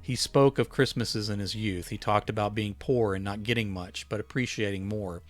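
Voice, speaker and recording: Low-voiced man reading his story. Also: normal speed. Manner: relaxed reading with small self-corrections.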